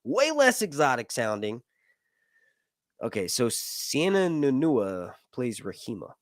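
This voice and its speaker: A young man hosting a casual live stream, chatting with viewers in a jokey, animated way and swearing casually. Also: mid-range voice, takes it slowly, no echo, clean studio sound. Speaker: YouTube host reading viewer chat.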